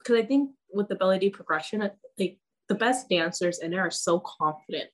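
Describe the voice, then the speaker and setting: Woman, dance teacher guest, casual and chatty, average pitch, fillers galore. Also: expressive, brisk. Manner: chatty, many "like" fillers, laughs often. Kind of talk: casual podcast chat.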